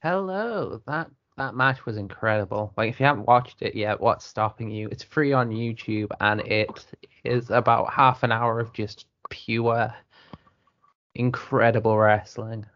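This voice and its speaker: A man's voice: mid-range voice, a little slow. A man guesting on a casual podcast, enthusiastic and blunt, swearing freely. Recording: lo-fi muffled sound.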